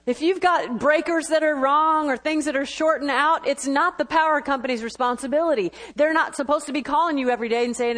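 A woman preaching a sermon in a high, bright voice. She talks in quick bursts and breaks off for laughing asides.

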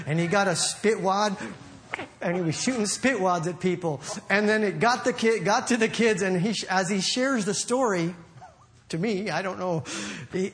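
A man preaching a sermon in an animated, playful way, acting out little quotes as he goes. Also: sits high, a little hiss or hum. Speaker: pastor.

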